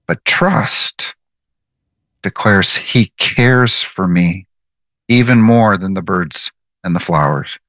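A man's voice: low voice, takes it slowly, fairly bright tone, dry recording. A man giving devotional Bible teaching, earnest and emphatic, repeating his key phrases.

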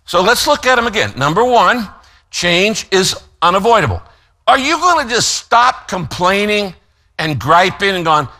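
A man preaching a sermon as pastor, emphatic, slowing down to stress key phrases and telling listeners what to write down. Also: a little high, sharp tone. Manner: gives note-taking instructions to listeners.

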